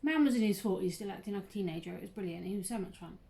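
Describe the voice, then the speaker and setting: A woman's voice: medium pitch, animated, rapid-fire, vocal fry, warm tone. A chatty, bubbly young woman who laughs a lot and says "um" often, hosting a casual crafting tutorial vlog. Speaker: craft channel host.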